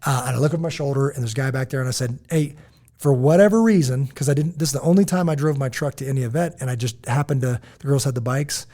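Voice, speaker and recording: A man in his forties telling animated, rambling stories as a podcast co-host, often checking in with "right?". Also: mid-range voice, fast. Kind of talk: casual podcast storytelling.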